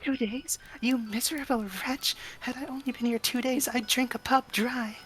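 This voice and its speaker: A woman's voice: sits high, fairly even intonation, normal speed, a bit bright. A woman voicing a bitter, sleepless female fiend who swears venomously and breaks into sobs, reading a visual novel aloud. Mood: anguished. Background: game music.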